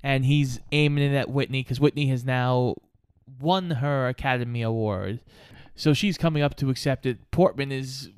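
A man's voice: medium pitch, normal speed, clean tone, dry recording. A man co-hosting a casual movie recap podcast, dryly jumping in with the next plot beats. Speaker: podcast co-host.

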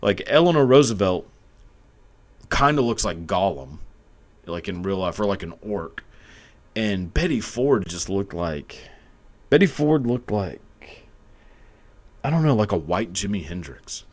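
A young man with a low, deep voice rants crude, profane commentary straight into his camera. His pitch swings widely as he rambles, swears and laughs. The delivery is loose and unscripted. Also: sing-song, a little slow, pauses often. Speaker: video commentator. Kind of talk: crude comedic rant. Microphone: camera mic.

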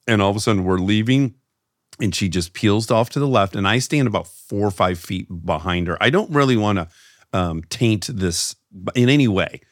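A middle-aged man with a lowish voice tells a story on his podcast and jumps into the voices of the people in it. He sounds close and dry, with no room around him. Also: moderate pace, dry recording. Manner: animated storyteller who acts out quoted voices. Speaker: podcast host. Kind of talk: casual storytelling chat.

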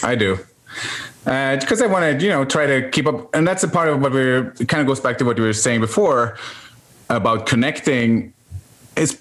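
A man's voice: mid-range voice, fairly bright tone. A man guesting on a podcast, chatting casually in a rambling, self-correcting way and laughing often. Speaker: podcast guest, spouse of a host. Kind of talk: casual chat.

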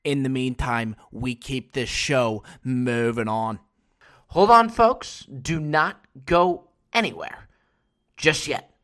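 A man hosting a solo comedy podcast, telling stories with loud bursts and low asides and casual swearing. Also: takes it slowly. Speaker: podcast host. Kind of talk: comic solo podcast monologue.

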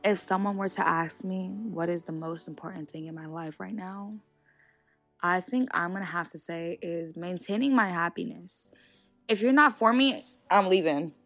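A young woman hosting her own podcast, talking to listeners in an animated, outspoken way and laughing between her points. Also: fairly low pitch, normal speed, no room sound, soft background music. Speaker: podcast host. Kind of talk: casual solo podcast monologue.

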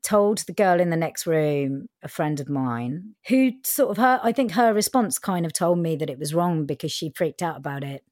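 A woman with a low, voice tells her story candidly as an interviewee. She talks openly, with many ums and occasional swearing. The recording is dry and close. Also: expressive, normal speed, few pauses, a little mellow, no echo. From England. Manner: frank, sometimes swearing, many fillers.

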